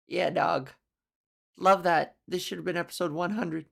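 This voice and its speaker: Woman comedian, solo podcast monologue, blunt and profane, gravelly voice. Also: lowish voice, normal speed.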